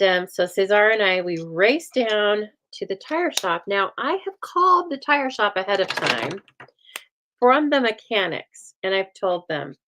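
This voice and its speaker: A woman hosting a stamping craft show, chatting casually and telling a lively story while she works, acting out the other people's lines as she goes. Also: mid-range voice, rough recording. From United States. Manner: chatty, animated storytelling with voiced quotes and laughs.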